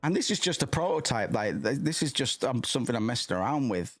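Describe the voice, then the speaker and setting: A man hosting a livestream in casual chat, rambling and excitable with lots of swearing, from his home streaming setup. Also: mid-range voice, quick pace, soft background music. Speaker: livestream host.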